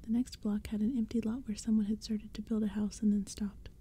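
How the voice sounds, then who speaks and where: Dark, whispery woman reading a story. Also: mid-range voice, little pitch movement, brisk, breathy edge. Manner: soft, whispered, gentle. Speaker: audiobook reader.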